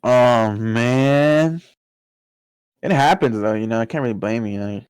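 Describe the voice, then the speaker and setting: A man co-hosting a podcast in casual chat, joking and swearing, with sudden loud outbursts. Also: mid-range voice, unhurried, clear, resonant tone, no echo, poor audio. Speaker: podcast co-host.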